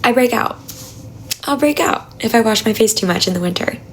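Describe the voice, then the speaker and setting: A young woman chatting on a phone livestream at home, talking quietly with a raspy, gravelly voice, blunt and chatty. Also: fairly high pitch, animated, brisk, slight background noise, rough recording. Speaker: livestreamer answering chat. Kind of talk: casual live stream chat. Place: home apartment at night.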